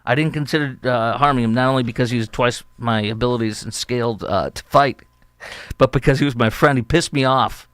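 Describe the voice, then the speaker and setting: Clear and resonant, with a medium pitch and a fairly quick pace, this man's voice has no echo. A middle-aged Chicago-area podcaster, he unpacks news stories in an opinion talk show monologue, chatty and animated, voicing the quotes dramatically.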